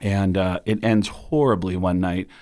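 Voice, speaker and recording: A man, a comedian, telling a story in a casual interview and acting out the people in it. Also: a little slow. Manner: animated storyteller, jumps into high excited voices for quoted people. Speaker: comedian guest.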